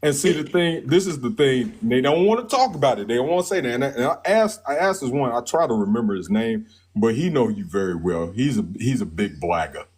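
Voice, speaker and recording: A man's voice: mid-range voice, sing-song, brisk, few pauses, a little mellow, husky. A man calling into a live stream, telling stories in a laid-back, slangy way. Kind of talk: casual live stream chat.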